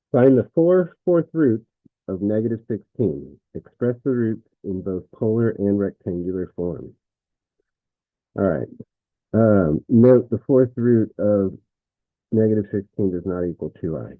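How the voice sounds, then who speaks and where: A man's voice: fairly low pitch, lively intonation, a little slow, pauses often, no echo. Man teaching math over a tinny line. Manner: thinks aloud, self-correcting, frequent fillers. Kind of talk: recorded math lesson.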